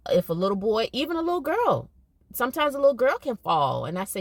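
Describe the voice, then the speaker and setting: A woman's voice: on the high side, big pitch swings, fast talker, dry recording. A middle-aged woman talking casually to her viewers, emphatic and conversational, often repeating herself for emphasis. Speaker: podcast host and educator. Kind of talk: casual monologue.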